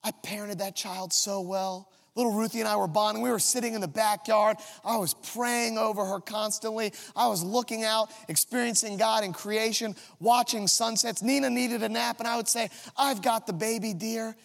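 A man's voice: high-pitched, steady tone, moderate pace, gravelly, few pauses, fairly bright tone. A man in his thirties preaching a sermon, telling a comic, self-mocking story about his own family. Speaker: pastor. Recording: long reverb of a large hall.

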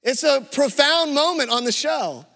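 A pastor with a high, bright voice preaches a sermon to his congregation. He tells stories with energy. The sound carries a long echo from a large sanctuary. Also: moderate pace, vocal fry. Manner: lively storytelling preacher.

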